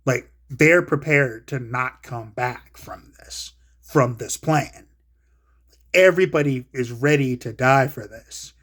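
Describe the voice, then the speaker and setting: A man hosting his own show, ranting about movies casually, swearing a lot and swinging from low mutters to loud excited outbursts. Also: slow pace. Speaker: solo show host.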